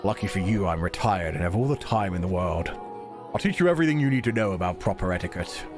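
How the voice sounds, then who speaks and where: A man voicing a stern, eccentric retired old British gentleman with a gruff, clipped, scolding delivery. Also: low voice, animated, fast talker, over music. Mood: lecturing. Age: older.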